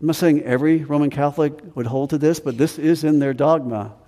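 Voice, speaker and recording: A man preaching a sermon with earnest emphasis, slowing down on key phrases and rising in pitch when stressing a point. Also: mellow. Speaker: pastor. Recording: long hall reverb.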